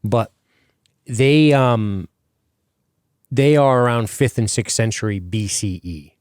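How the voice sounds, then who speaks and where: A man's voice: mid-range voice, slow, a little mellow, clean tone, no room sound, studio quality. A man hosting a podcast in casual chat, rambling with many fillers and casual swearing. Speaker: podcast host.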